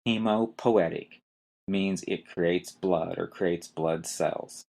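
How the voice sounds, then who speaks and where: A man's voice: low-pitched, slow, gravelly, darkish tone. A man teaching anatomy in a recorded lecture who spells out terms letter by letter and quizzes his listeners. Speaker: instructor.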